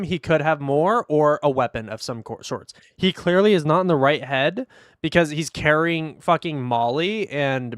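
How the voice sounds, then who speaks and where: A man's voice: medium pitch, no room sound, clean studio sound. A young man reacting to videos on a livestream, talking bluntly to chat with plenty of swearing. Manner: blunt, profane, talks straight to chat. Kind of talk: casual livestream commentary.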